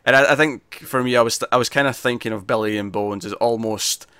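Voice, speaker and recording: A man talks through a film in relaxed conversation, stumbling and restarting as he goes. His voice is bright and forward, recorded close and dry with no room around it. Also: medium pitch, a little fast, clear, resonant tone, no echo. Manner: hesitant, with frequent restarts and fillers. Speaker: film reviewer. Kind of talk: casual film discussion.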